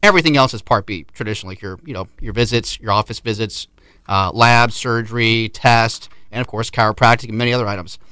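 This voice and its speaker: A man's voice: lowish voice, quick pace, pushed and bright, clear, resonant tone, no echo. A man hosting a casual interview, upbeat and chatty, explaining insurance coverage. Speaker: podcast host, insurance agent.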